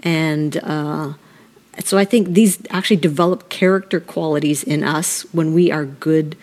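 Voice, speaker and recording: Thoughtful woman, lowish voice. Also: steady tone, measured pace, darkish tone. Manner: thoughtful, searching for words, asks "right?". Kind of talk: reflective conversation.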